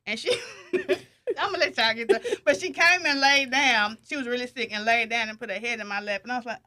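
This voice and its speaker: A woman with a high, bright voice hosts a relaxed family podcast chat. She tells her stories with animation and laughs often between them. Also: brisk. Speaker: podcast host.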